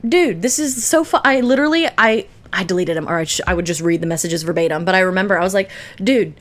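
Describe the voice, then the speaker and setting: A woman's voice: on the low side, fast, a bit bright. A young woman chats casually on a podcast. She tells stories bluntly and swears freely, and she laughs often as she talks. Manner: blunt, profane storytelling with frequent laughs. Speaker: podcast co-host. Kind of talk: casual chat. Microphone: phone.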